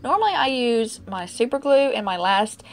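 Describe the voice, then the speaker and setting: A woman's voice: a little high, sing-song, normal speed. A woman narrating her own DIY furniture makeover in a chatty, rambling way and laughing at herself. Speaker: DIY vlogger. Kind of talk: casual DIY vlog narration.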